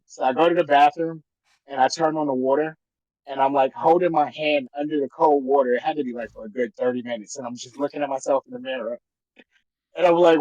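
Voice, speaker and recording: A man's voice: mid-range voice, fast talker, no echo, highs cut off. A man co-hosting a podcast, telling a long story in a casual, profane way and acting out what people said. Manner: animated, profane storytelling with acted-out quotes. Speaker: podcast co-host.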